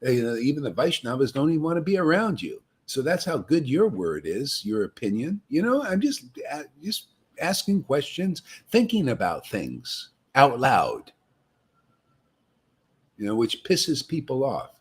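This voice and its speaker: A man's voice: medium pitch, very animated, normal speed, husky. A man preaching to a devotee meetup, taunting and confrontational, often ending phrases with "man" and "see?". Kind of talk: impassioned street-style preaching.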